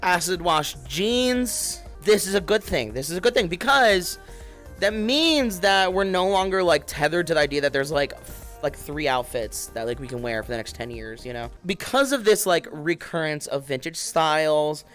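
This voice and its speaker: A man's voice: on the high side, animated, normal speed, fairly bright tone, soft background music. Giggly young male streamer, chatty. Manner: giggly, chatty, addresses viewers. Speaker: livestreamer. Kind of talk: casual livestream chat.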